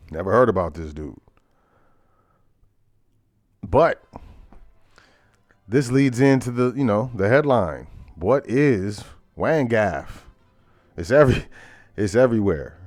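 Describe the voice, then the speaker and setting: A man's voice: lowish voice, no room sound, clean studio sound. A man hosting a casual current-events talk show, reading headlines aloud and breaking into laughter with loose asides. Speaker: host.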